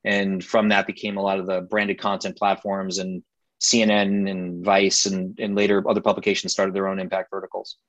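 A low-voiced man answers questions in a halting way, with lots of fillers and restarts. His audio is dull and muffled, and the sound is dry. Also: completely flat delivery, fairly bright tone, no echo. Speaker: podcast guest. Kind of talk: conversational interview answers.

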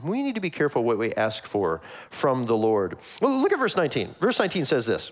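A man preaching a conversational sermon, acting out quick voices in his asides. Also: medium pitch, huge pitch swings. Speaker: pastor.

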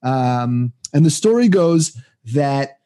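In a casual talk about faith, this man co-hosts a podcast, chatting and laughing often while retelling a scripture story and restarting as he goes. His medium-pitched voice is mellow and slow but lively in intonation, and he belongs to a Jewish community that reads the weekly Torah portion.

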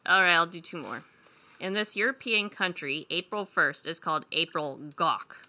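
Bright-voiced woman hosting a quiz. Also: on the low side, normal speed, poor audio. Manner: upbeat, reading quiz questions. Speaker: radio show co-host running a quiz. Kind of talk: casual quiz banter.

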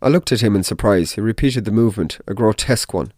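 Deep-voiced man reading a dark tale. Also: quick pace, no room sound, clean studio sound. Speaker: narrator. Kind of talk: dramatic audiobook reading.

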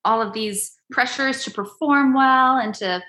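Upbeat woman improviser, bright voice, echoey room mic. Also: sits high, a little slow. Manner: upbeat, laughs often, warm about her group. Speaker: improv theater member, guest. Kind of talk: casual interview.

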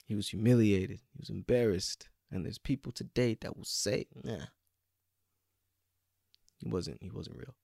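A man preaching a sermon with passion, swinging between loud pleading and hushed whispers. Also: fairly low pitch, measured pace, vocal fry, pauses often, slightly rough, no room sound, clean studio sound.

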